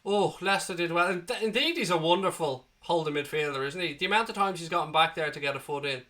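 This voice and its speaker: A man hosting a live football watchalong, calling the play and chatting with viewers, excitable and prone to swearing as he cheers. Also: a little high, fast talker. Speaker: watchalong host. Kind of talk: live match commentary and chat. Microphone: desk microphone.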